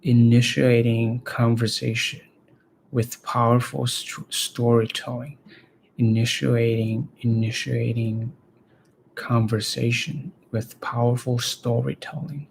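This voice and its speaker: Slow, gravelly man practicing reading aloud. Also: medium pitch, level tone, a little hiss or hum, rough recording. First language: Chinese. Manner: halting, repeats words and phrases to practice them. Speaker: language learner reading aloud.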